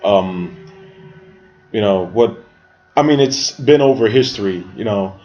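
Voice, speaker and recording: A man co-hosting a casual podcast discussion, halting and often restarting as he searches for words. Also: lowish voice, animated, a little mellow. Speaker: podcast co-host. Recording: dull lo-fi sound.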